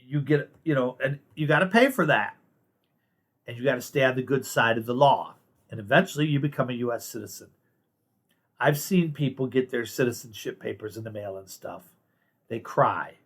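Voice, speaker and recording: A man's voice: mid-range voice, moderate pace. A man from the United States giving a blunt, sarcastic monologue of political commentary as the host of his own show. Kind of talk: casual opinion monologue.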